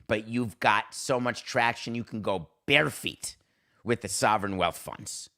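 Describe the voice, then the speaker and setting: Sarcastic, worked-up man with a low voice. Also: a little slow, pushed and bright. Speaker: podcast host. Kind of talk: opinionated sports podcast monologue.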